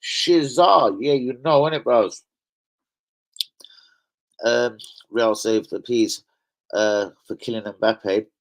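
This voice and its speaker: A man's voice: medium pitch, slow, long pauses, poor audio. A man hosting a casual football live stream, chatting in slangy banter with his viewers.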